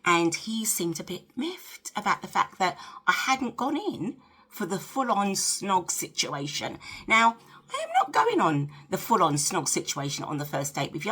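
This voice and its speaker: A woman's voice: fairly low pitch, sing-song, moderate pace, gravelly, a bit bright, breathy edge. A woman in her late fifties giving frank, chatty dating advice to camera, checking in with the viewer with tag questions. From United Kingdom. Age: 50s. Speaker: lifestyle vlogger.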